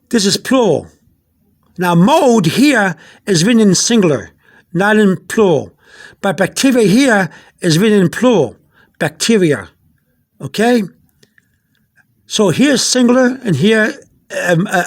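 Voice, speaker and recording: High-voiced man teaching pronunciation. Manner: repetitive, patient, restarts often. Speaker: Spanish teacher. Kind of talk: informal pronunciation lesson. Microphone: phone held in one hand.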